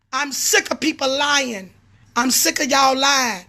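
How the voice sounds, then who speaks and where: A woman's voice: high voice, a little slow. A middle-aged woman, a prophetess and pastor, ranting angrily on a livestream, swearing and repeating herself. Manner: furious, repetitive, swearing, sometimes shouting. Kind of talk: angry livestream rant.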